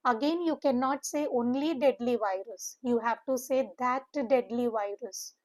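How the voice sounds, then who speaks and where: A woman with a high-sitting, somewhat mellow voice teaches an English exam-prep lesson. She explains word by word and mixes Hindi phrases into her English.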